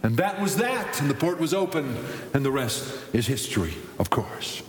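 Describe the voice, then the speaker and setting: A man's voice: mid-range voice, sing-song, normal speed. A male pastor preaching a sermon, often restarting his phrases, then building to emphatic lists. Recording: echoey hall with long reverb.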